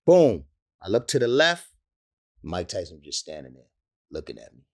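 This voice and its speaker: A man's voice: deep voice, wildly swooping pitch, moderate pace. A man, a rapper telling stories in an interview, profane and laughing often. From the Bronx, New York. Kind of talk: animated storytelling in an interview.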